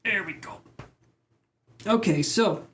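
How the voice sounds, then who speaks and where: A man's voice: sits high, slow pace, a bit bright, soft background music. A man reading tarot on a live stream, chatting casually and rambling as he reacts to viewer comments.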